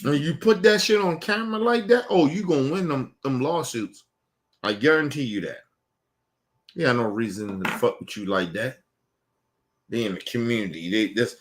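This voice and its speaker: A man's voice: medium pitch, normal speed. A man from Baltimore hosting an online show, ranting bluntly and emphatically with heavy cursing, repeating himself and urging his viewers directly. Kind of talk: profane commentary rant.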